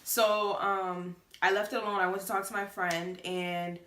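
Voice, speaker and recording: A young woman in her late teens tells a personal story in a loose, chatty way, full of fillers. Her voice sits at a middle pitch. The room is echoey with a faint hum behind her. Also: little pitch movement, normal speed. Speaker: vlogger. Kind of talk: casual storytelling to camera.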